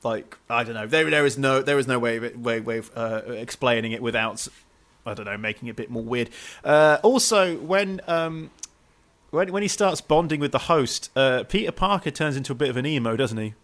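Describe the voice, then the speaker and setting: A man co-hosting a casual film review podcast, animated, laughing often and tripping over his words. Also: medium pitch, normal speed. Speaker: podcast co-host.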